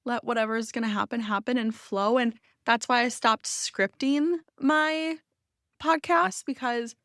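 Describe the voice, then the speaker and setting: Heartfelt woman podcaster, higher voice. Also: fairly even intonation, a little slow, fairly bright tone, no room sound, studio quality. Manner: open, heartfelt, rambling. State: emotional, near tears. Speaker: podcast host. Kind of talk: unscripted personal podcast talk.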